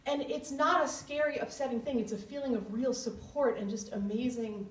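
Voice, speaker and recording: A woman's voice: on the high side, fairly even intonation, normal speed, a little hiss or hum. A woman telling a personal story on stage at a live event, candid and emotional in an earnest way. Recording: roomy hall, distant mic, faint ambience.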